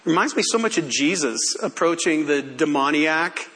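An older man preaching a sermon as pastor, telling stories in an animated way and often laughing. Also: a little high, moderate pace.

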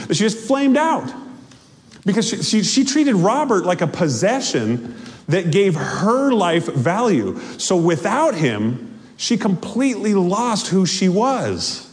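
Lively, joking male preacher in a hall. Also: high voice, measured pace. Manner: animated, joking, laughs often. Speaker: pastor. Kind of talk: sermon. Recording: long hall reverb.

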